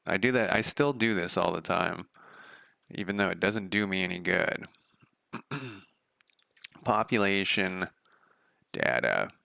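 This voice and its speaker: A man's voice: sits low, expressive, unhurried, gravelly, pauses often, bright, forceful tone, clear, resonant tone, no echo. A man streaming as a game developer, talking through his code in a loose, sardonic, profane ramble. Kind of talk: casual live coding commentary.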